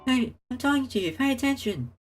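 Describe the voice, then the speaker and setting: A blunt young athlete from a visual novel. Her voice sits a bit high, and she fires off suspicious, demanding questions without letting up. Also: expressive, a little fast, faint music behind. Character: young woman basketball player, blunt and suspicious.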